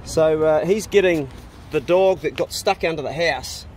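A man's voice: on the high side, unhurried, a little mellow. A man in his forties with a New Zealand accent, chatting casually as he vlogs a road trip and talks fondly to his dogs, recorded on a handheld camera in a truck and outdoors by the road. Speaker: vlogger.

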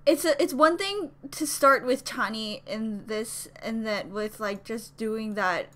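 A woman's voice: fairly high pitch, slow, fairly bright tone. A young woman filming a reaction video, gushing and flustered, talking herself through it and swearing casually. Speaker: YouTube reactor. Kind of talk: excited reaction vlog.

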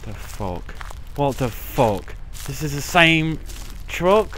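Jumpy high-voiced swearing young man. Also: very animated, takes it slowly, a bit bright, slight background noise. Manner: jumpy, swearing constantly, panicky outbursts. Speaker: gaming channel host. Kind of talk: let's play commentary.

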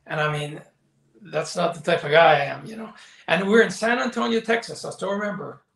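A man's voice: high voice, a little fast, gravelly, fairly bright tone. An older man, a former wrestling commentator, telling stories in a candid interview, acting out quoted dialogue and often saying "you know.". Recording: echoey room.

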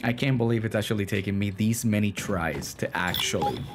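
A man's voice: on the low side, expressive, a little fast, slight background noise. A man giving panicky, joking commentary while playing a horror game, often pleading and talking to himself. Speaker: gaming video creator. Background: game music.

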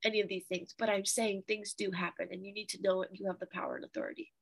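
A young woman teaching a Bible study, telling a testimony in an animated, chatty way with fillers. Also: mid-range voice, fast, gravelly, breathy edge.

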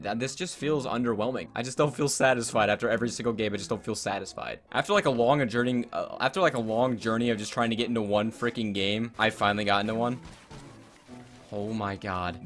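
Ranting young man with lively pitch. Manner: ranting, frustrated, swears a lot, yells at opponents. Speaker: gaming YouTuber. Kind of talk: gameplay commentary.

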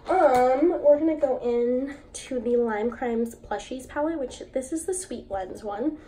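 A young woman with a high, mellow voice chatting to her camera at home. She talks in an easy, gushing way, sprinkling in "like" as she goes, with a faint hiss of room noise under her. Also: unhurried. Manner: chatty and enthusiastic, lots of "like" fillers. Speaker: beauty vlogger. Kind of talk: casual chat while swatching makeup.

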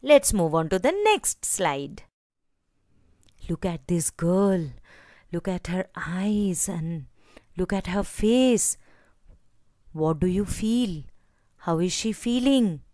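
A woman's voice: lowish voice, expressive, slow pace, pauses often, dark tone, dry recording, studio quality. A woman teaching a kindergarten class in Indian English, asking the children many questions and having them repeat each word after her. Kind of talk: slow, sing-song teaching to young children.

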